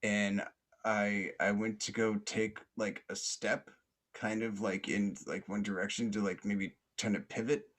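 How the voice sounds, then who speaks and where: A man's voice: on the low side, little pitch movement, unhurried, a bit bright. A man hosting a podcast, telling a long story in a casual, rambling way, with many fillers and restarts and plenty of swearing. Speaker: podcast host.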